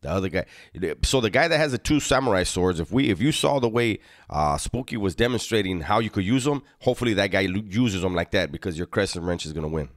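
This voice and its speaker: A man's voice: deep voice, animated, fast, few pauses, dry recording, clean studio sound. A man hosting a casual chat, teasing and commenting on a guest's story. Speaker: podcast host.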